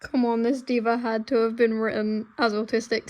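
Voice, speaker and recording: Young woman book vlogger, high bright voice, casual and emotional, swears a lot, murmurs then bursts out. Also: moderate pace. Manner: chatty and emotional, swears freely, swings between soft murmurs and excited outbursts. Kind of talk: casual reading vlog chat.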